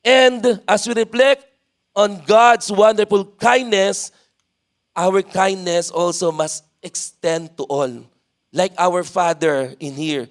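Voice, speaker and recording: A man's voice: high voice, fairly even intonation, slow pace. A man with a Filipino accent preaching a sermon at a church service, leading the congregation and filling his talk with "amen.". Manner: mixes in Tagalog, leads congregation responses, frequent "amen".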